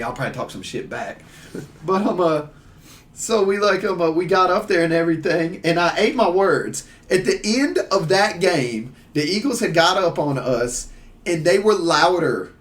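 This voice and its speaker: A man with a fairly high voice tells stories over casual chat, throwing himself into the voices of the people he quotes. He sits a little back from the mic, so his voice sounds somewhat distant. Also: normal speed. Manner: animated, laughing storyteller who acts out voices. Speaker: podcast guest. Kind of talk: casual storytelling.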